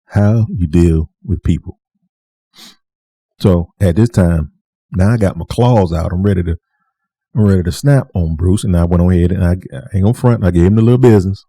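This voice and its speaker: Man, very low pitch, husky, casual storytelling, animated, repeats himself, acts out dialogue. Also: no room sound. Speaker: vlogger.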